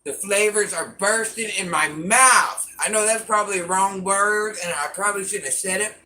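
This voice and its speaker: Picked up by a far-off mic over faint background noise, an older woman eats on a live stream while casually chatting with viewers about her food. Her mid-range voice is bright and forceful at a moderate pace.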